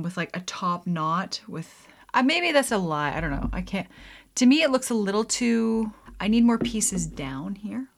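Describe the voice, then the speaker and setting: A woman vlogging as she mixes a drink at home, chatting casually to her viewers, rambling with lots of "like" and "um", giggling and poking fun at herself. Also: lowish voice. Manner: giggly, rambling, self-deprecating, many "like"s and "um"s. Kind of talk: casual chat to camera.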